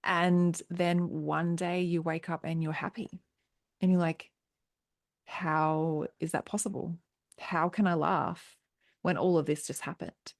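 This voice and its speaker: A woman's voice: fairly low pitch, level tone, a little slow, gravelly, no room sound, clean studio sound. A woman podcast host talking in an empathetic, affirming way during a conversation. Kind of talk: supportive conversational chat.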